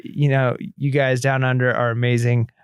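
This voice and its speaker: A man's voice: medium pitch, flat delivery, moderate pace, clear, resonant tone, dry recording, studio quality. A man co-hosting a casual podcast, chatting and reading listener messages aloud in an encouraging way. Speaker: podcast co-host.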